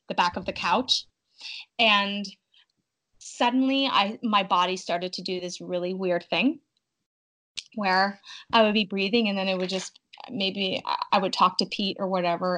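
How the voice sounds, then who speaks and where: A young adult woman telling her birth story in a casual, animated way, acting out her own cries in quotes. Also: medium pitch, rough recording.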